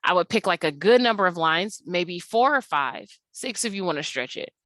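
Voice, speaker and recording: Young adult woman, teacher narrating a slide lesson; low pitch, dry close-up sound, relaxed and filler-heavy. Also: dry recording. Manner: unhurried, many ums and uhs. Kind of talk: recorded slide lesson walkthrough.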